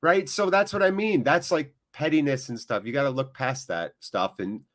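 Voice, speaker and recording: During a live football watchalong, a host from the United States rambles casually straight to his audience, his emotional exhaustion coming through. He speaks at a normal speed in a mid-range voice that's a bit bright.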